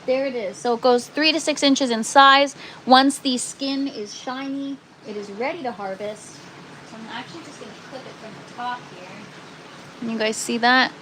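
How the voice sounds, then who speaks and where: A woman's voice: fairly high pitch, fairly even intonation, normal speed, noisy background. A woman hosting a casual gardening live stream from an indoor grow tent, chatting with viewers and using lots of ums and "you guys.".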